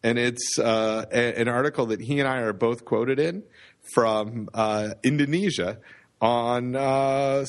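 A man's voice: medium pitch, steady tone, unhurried. A Canadian man co-hosting a podcast, chatting casually and rambling with self-deprecating jokes. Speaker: podcast co-host. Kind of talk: casual chat.

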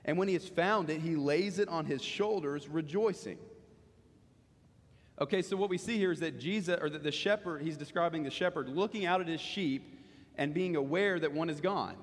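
Guy preaching a sermon, earnest, drags out the big points, long reverb from the hall. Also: fairly high pitch. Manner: earnest, slows down for emphasis. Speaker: pastor.

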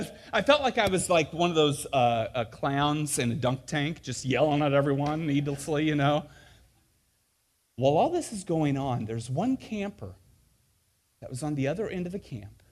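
A man preaching a sermon, telling a camp story with acted-out voices and many fillers and restarts. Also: a little high.

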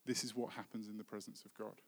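A man, a worship leader giving an earnest, heartfelt sermon that often drops to a soft voice. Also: on the low side, little pitch movement, fast talker. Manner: earnest, heartfelt preaching with soft dropping phrases. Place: church hall. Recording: long reverb of a hall.

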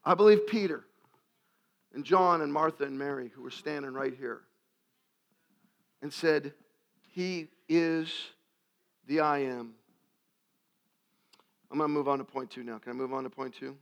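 A man preaching a sermon to a live audience, asking questions and rising to loud, emphatic peaks. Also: on the high side, a little slow, long pauses. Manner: asks the crowd questions, gets loud and shouting at climaxes. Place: live event before an audience.

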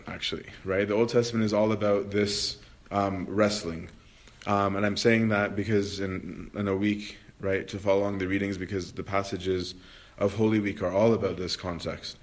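Lower-voiced man leading a casual lecture. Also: moderate pace. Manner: conversational, keeps asking "right?", frequent "um"; acts out quotes with expressive swings in pitch and volume. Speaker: religious study group leader.

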